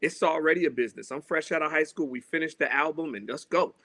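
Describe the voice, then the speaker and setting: A man from Seattle chats as a podcast guest, his voice bright and forceful and sitting a little high. He tells stories with lots of animation and acts out other people's lines. The sound is dry and close-miked. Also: fast, dry recording. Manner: animated storyteller acting out quoted voices. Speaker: guest artist. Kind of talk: casual storytelling chat.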